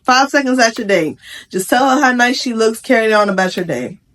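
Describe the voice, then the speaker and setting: A young adult woman giving casual commentary on a Reddit post, chatty and slangy, with frank opinions and quick asides. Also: a little high, animated, fairly bright tone. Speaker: vlogger reacting to a Reddit post.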